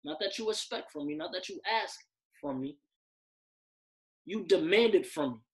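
A man's voice: sits high, normal speed, rough recording. A young man on a podcast, talking heatedly and emphatically, often repeating himself out of frustration. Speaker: podcast co-host.

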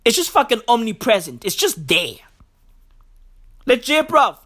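A man ranting about the news in a profane, excitable comedic vlog, packed with slang. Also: very high voice, measured pace. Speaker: vlogger.

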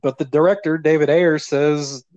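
A man co-hosting a podcast, chatting casually about a movie, relaxed, laughing often and swearing now and then. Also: fairly high pitch, normal speed, no room sound, highs cut off. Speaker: podcast co-host. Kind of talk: casual movie review chat.

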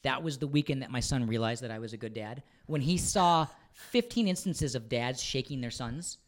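Lively, animated man telling stories. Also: medium pitch, moderate pace. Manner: animated storyteller, laughs often, swears. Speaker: podcast host. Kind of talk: casual chat.

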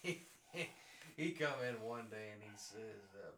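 A man with a bright, forceful voice shares casual stories as a podcast host, joking at his own expense and laughing often. He sits well back from the mic in a roomy space. A faint hiss sits under his voice. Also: fairly low pitch, a little slow. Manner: jokey, self-mocking, laughs often. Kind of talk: casual storytelling. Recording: roomy sound from a distant mic with faint noise.

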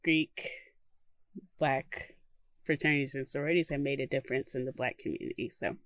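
A woman's voice: extremely low pitch, fairly even intonation, a little fast, dry recording. A woman co-hosting a casual podcast, chatting candidly about current events and laughing often. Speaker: podcast co-host.

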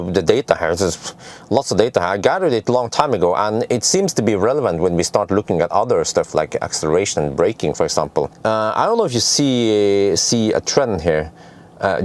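A car reviewer explains car tests in a casual, chatty way, drifting off topic and laughing at his own jokes. He has a deep voice and speaks non-native English haltingly, with many fillers and restarts.

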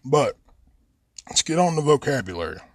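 A man's voice: mid-range voice, big pitch swings, moderate pace, breathy edge, dry recording. A man with a Southern Appalachian accent, rambling and cussing freely as a podcast host, drawling and stretching his vowels into a close mic. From West Virginia. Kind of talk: casual profane monologue.

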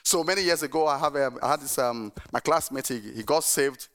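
A middle-aged male pastor preaching a sermon, telling stories in an animated way and urging the congregation to answer back. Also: mid-range voice, a little fast.

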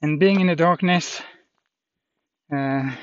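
A man walking outdoors on a hilly trail, talking in a rambling, halting way with lots of fillers as he vlogs his pilgrimage. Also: a little high, a bit bright, smooth, no room sound. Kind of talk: casual walking vlog. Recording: dull lo-fi with faint noise.

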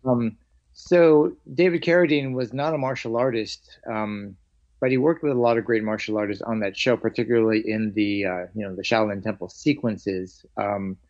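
A man's voice: lowish voice, moderate pace. Man telling stories, dull lo-fi sound. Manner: animated, acts out quoted lines. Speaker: martial arts instructor. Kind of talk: storytelling in a conversation. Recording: dull lo-fi audio.

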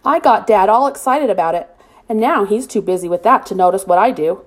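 A woman's voice: mid-range voice, lively intonation, brisk, lightly acted. A woman voicing a shy, curious teenage boy who talks timidly and hesitantly. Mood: eager.

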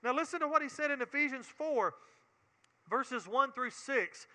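A man's voice: extremely high pitch, expressive, normal speed, sharp tone, long reverb tail. A man with a Southern US accent teaching a Bible sermon in an earnest way, often repeating words and building to emphatic preaching.

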